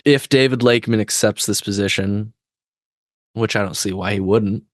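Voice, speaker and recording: A man's voice: on the low side, normal speed, no echo, clean studio sound. Laid-back man hosting a podcast. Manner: rambling, self-deprecating, swears casually. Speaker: podcast host. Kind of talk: casual commentary.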